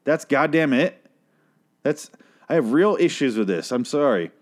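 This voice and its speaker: A man's voice: fairly high pitch, expressive, a little slow. A man hosting a podcast who delivers an exasperated, heavily profane comedic rant and keeps breaking off to apologize. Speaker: podcast host.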